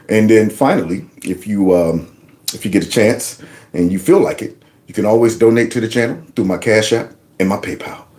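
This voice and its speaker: A man's voice: on the low side, a little mellow. A man hosting his own livestream, talking loose and folksy and joking along. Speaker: livestream host. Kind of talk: casual live commentary.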